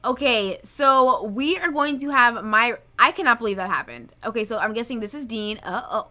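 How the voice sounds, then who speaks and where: Excitable young woman narrating a game. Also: on the high side, moderate pace, few pauses. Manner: excitable, dramatic, gasps and exclaims. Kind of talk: narrating a life-sim game let's play.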